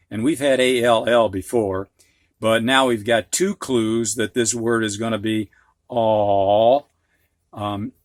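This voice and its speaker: A man's voice: medium pitch, no echo, studio quality. A man with a Midwestern accent teaching a phonics lesson, patiently explaining words with examples and asides. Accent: Midwestern American. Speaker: reading teacher.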